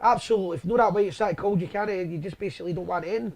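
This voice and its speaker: A man hosts a relaxed chat, his voice sitting high. He tells his stories with frequent "aye" and "right?" tags, in an easy, anecdotal way. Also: rapid-fire, crowd noise. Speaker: host. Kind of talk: casual chat, storytelling.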